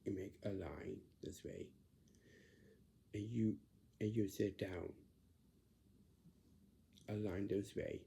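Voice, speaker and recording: Slow, gravelly man explaining at length. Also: fairly low pitch, fairly even intonation, dark tone. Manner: repetitive, halting, drifts into whispers. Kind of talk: casual spoken explanation.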